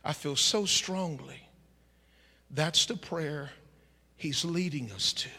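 A male pastor preaching a fiery sermon in a church, shouting with exclamations. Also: on the high side, slow, slightly rough, big-room sound. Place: church sanctuary.

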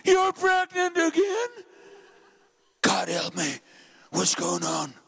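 An exasperated young husband, scornful and incredulous as he hurls questions, with a high, bright, forceful voice, as a male preacher acts him out mid-sermon. His pitch jumps around in disbelief. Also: huge pitch swings, takes it slowly, creaky, husky, exaggerated voice.

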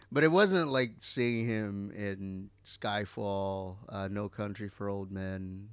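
Man, casual podcast chat, gravelly, dry, fillers and swearing. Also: fairly low pitch, slow pace, no room sound. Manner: rambling, full of fillers and swearing. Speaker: podcast co-host.

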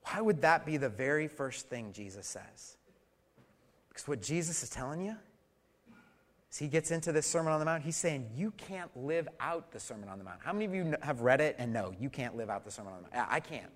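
A middle-aged pastor with a mid-range voice preaches a very animated sermon at a slightly fast clip. He swings from loud, emphatic lines to soft, hushed ones and asks the congregation questions with light humor.

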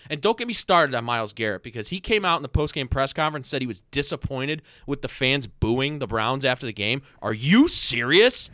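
A man in a heated sports rant, shouting and swearing at his team. His voice sits high and swings wildly, with a smooth, sharp tone. The sound is dry and close. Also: no room sound. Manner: angry, loud, swearing, fast repeated phrases.

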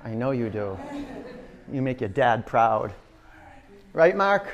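A man's voice: medium pitch, big pitch swings, takes it slowly, highs cut off. A man teaching a yoga class in a studio, counting down holds and coaxing students in a playful, encouraging way. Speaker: yoga instructor.

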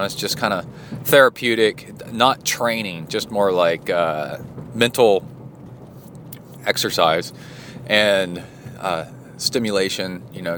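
A man records a rambling training-log monologue on his phone in a locker room, chatty and full of fillers. His voice sits on the low side, with a faint hum of noise behind him. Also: a bit bright. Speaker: podcast host.

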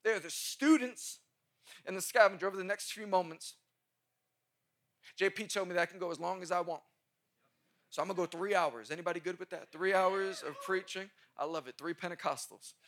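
A man's voice: high-pitched, fairly quick, a bit bright. A male pastor preaching a sermon in a church service, joking with the congregation and building to emphatic points.

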